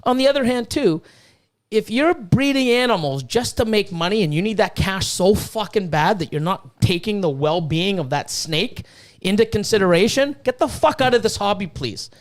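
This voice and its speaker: A Canadian podcast host who breeds snakes rants heatedly in a casual episode, his voice sitting high and expressive at a moderate pace. He swears a lot and keeps stumbling into restarts.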